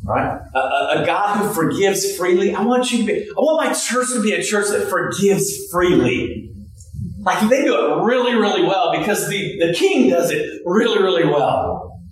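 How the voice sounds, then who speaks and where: A man preaching a sermon in a high, lively voice, breaking into shouts and laughing asides. He is heard from a distance in a very echoey hall. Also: normal speed. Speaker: pastor.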